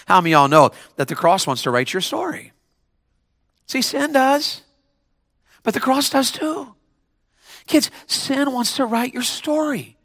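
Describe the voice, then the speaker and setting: A man's voice: extremely high pitch, lively intonation, a little slow, pauses often, a bit bright, dry recording, clean studio sound. A man preaching to teenagers as a pastor, calling out to the crowd and repeating his points. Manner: preaching with call-and-response and repetition. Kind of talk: sermon to teenagers.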